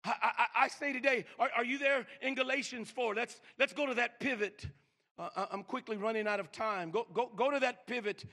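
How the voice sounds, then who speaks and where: An older man preaching a sermon, stammering and repeating words, swinging from loud emphasis to hushed slow lines. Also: extremely high pitch. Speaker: pastor.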